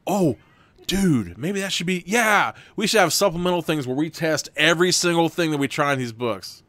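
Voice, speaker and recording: A man's voice: fairly high pitch, lively intonation, normal speed, fairly bright tone. A man hosting a livestream, reading a gamebook aloud casually, rambling and laughing between passages. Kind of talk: livestream gamebook narration with chat votes.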